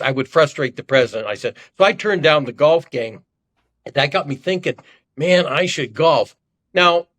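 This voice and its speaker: A man's voice: fairly high pitch, a bit bright. An older man from Ohio, a podcast guest telling self-deprecating, rambling stories in casual conversation. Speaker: podcast guest, former congressman. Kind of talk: conversational storytelling.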